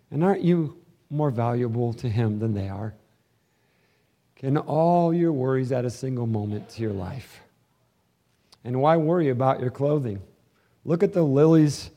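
A man preaching a sermon as pastor, swinging between hushed, intimate passages and loud, fervent ones. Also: medium pitch.

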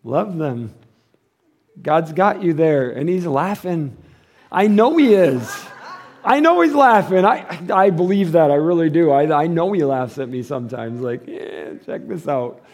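A man's voice: on the high side, lively intonation, moderate pace, darkish tone. A middle-aged man, a pastor, giving a conversational sermon, acting out quoted voices and chuckling often.

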